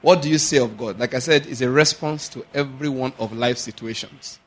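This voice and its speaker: A man's voice: mid-range voice, brisk, slightly rough. A man preaching a sermon as pastor, slipping into pidgin asides and acting out little scenes. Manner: animated preaching with pidgin asides and acted-out quotes.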